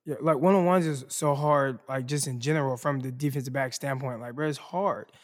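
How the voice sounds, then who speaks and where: A man's voice: medium pitch, steady tone, a little fast. A man co-hosting a sports podcast in casual chat, talking loosely with lots of fillers and slang. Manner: loose and rambling, heavy on "like" and "bro".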